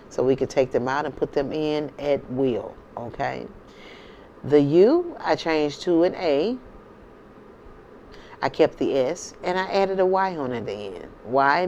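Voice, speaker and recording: A woman's voice: rumbling low, darkish tone, muffled recording, a little hiss or hum. A woman from the United States hosting her own channel, talking casually and emphatically to her viewers and often checking in with "okay?" and "you know". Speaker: channel host.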